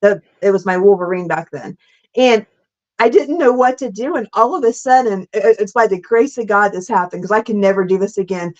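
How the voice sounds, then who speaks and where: Laughing and lively, a middle-aged female guest recounts her stunt stories casually in an interview, her mid-range voice tumbling out in quick bursts. "Like" and "super freaking cool" crop up constantly, over a somewhat dull lo-fi recording.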